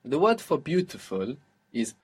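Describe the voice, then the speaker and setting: A man's voice: medium pitch, sing-song, a little slow, a little mellow, breathy edge. A man teaching a one-on-one lesson, explaining patiently and repeating words for the learner. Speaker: Arabic teacher.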